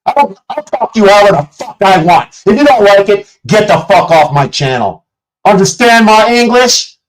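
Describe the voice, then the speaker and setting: A man's voice: high voice, expressive, moderate pace, slight background noise, low-quality recording. A man on a livestream, delivering an angry, profanity-laden rant aimed at commenters and critics. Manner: profane, combative, shouting at chat. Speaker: streamer. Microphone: streaming setup mic.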